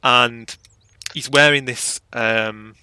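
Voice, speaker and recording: A man's voice: mid-range voice, steady tone, drawn-out words, bright, forceful tone, slight background noise. A man narrating a tabletop game as game master in a casual, rambling way full of fillers.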